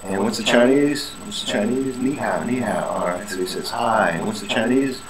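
A man's voice: on the low side, normal speed, reverberant, a loud crowd, rough recording. A man, an English teacher, casually walking through a lesson plan and repeating vowel sounds as a drill.

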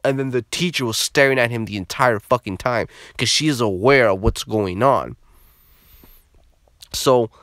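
A young man telling a story in a casual vlog, animated and heavy on swearing. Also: lowish voice, no room sound, clean studio sound.

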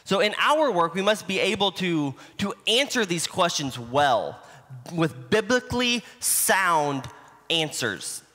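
A man's voice: high voice, sing-song, takes it slowly, pushed and bright. A man preaching a sermon in a church, teaching in a conversational way with homespun examples. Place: church sanctuary. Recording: livestream in a reverberant church hall.

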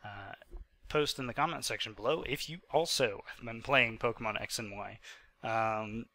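A man's voice: medium pitch, moderate pace, sharp tone. A man of twenty-five, sick and hiccuping, giving rambling, chatty commentary over his own gameplay footage with many fillers. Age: 20s. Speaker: gaming channel host. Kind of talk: casual post-recorded gameplay commentary.

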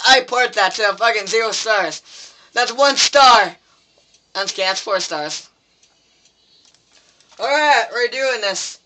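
A man's voice: very high-pitched, expressive, takes it slowly, long pauses, pushed and bright. A teenage boy commenting on his own gameplay, swearing and pleading with the game in frustration. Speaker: gameplay video maker.

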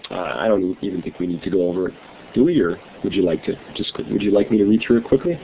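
Chatty middle-aged guy teaching chemistry online, kinda low voice, sounds like a phone line. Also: expressive, fast, gravelly, slight background noise. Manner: friendly, chatty, reads notes aloud. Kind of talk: online class lesson. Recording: tinny phone-like online class audio.

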